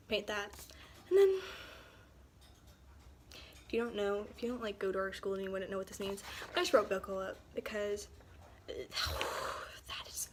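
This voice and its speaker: A teenage girl student chatting casually to camera, rambling, sighing and often dropping into soft near-whispers. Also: medium pitch, slight background noise. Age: teens. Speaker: student vlogger. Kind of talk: casual chat.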